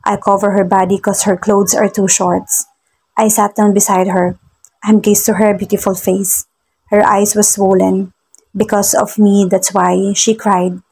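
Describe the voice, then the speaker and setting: A woman with a Filipino accent reading a first-person romance story in a soft narrating voice. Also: mid-range voice. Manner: soft, husky narration mixing Tagalog and English.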